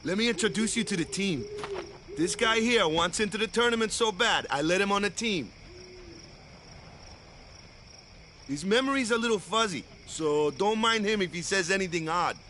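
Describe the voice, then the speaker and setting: An actor playing an upbeat male team captain in a video game, rallying his team with shouts. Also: high voice, expressive, a little fast, a little hiss or hum. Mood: friendly.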